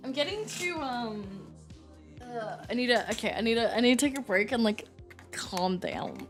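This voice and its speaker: A woman's voice: fairly high pitch, very animated, moderate pace, faint music behind. A young woman streaming a game, flustered and laughing, who swears casually and talks to her chat. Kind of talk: live-streamed game playthrough.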